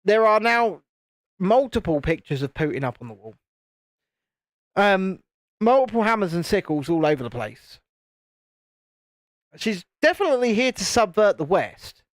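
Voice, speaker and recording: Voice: mid-range voice, very animated, normal speed, long pauses, dry recording, studio quality. A British host chatting wryly with a live chat while building a model, teasing and joking. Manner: wry, teasing banter with the chat.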